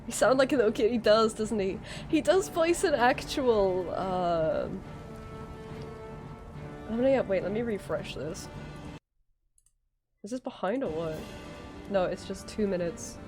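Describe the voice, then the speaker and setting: Slow-talking, giggly sick woman streamer. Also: mid-range voice, animated, music in the background. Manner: giggly, rambling, easily amused. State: sick, strained throat. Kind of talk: casual live-stream chat.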